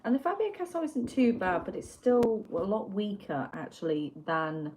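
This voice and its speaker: A woman's voice: medium pitch, big pitch swings, moderate pace, very noisy. A woman from Wiltshire, chatting casually and rambling as she swatches art pencils on a livestream, mocking herself and reading out chat messages. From Wiltshire, England.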